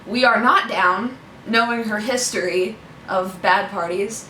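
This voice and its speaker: Young woman, casual wry storyteller, bright tone, distant echoey recording. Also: mid-range voice, a little slow. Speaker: co-host telling a story. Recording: echoey room, from a distance, faint noise.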